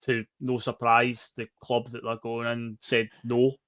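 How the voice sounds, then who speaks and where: A man co-hosting a casual football podcast, ranting in an exasperated, animated way. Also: medium pitch, a little slow. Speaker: podcast co-host.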